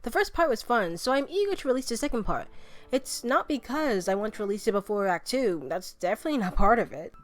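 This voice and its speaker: Playful young woman, higher voice. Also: fast. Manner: playful, jokey, excitable. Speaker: host reviewing musical songs. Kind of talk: casual review vlog.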